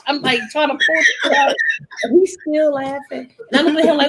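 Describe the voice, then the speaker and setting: A woman on a casual talk show telling an animated, profane story full of acted-out quotes. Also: sits high, brisk. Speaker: guest storyteller. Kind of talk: casual chat.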